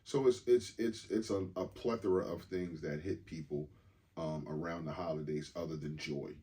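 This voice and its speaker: A man co-hosting a podcast with a very deep, low voice. He thinks out loud in a loose, reflective way and swears now and then. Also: steady tone, moderate pace. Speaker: podcast co-host. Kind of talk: casual chat.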